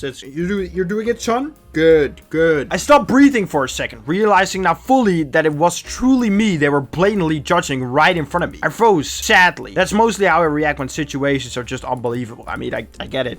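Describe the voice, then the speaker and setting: A young man with a slightly high voice reads online stories aloud for a comedy video. He keeps interrupting with dry, mocking asides. Soft music plays quietly underneath. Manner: sarcastic, mocking asides between read-out stories. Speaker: YouTube host. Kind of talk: reading online posts aloud with comic commentary.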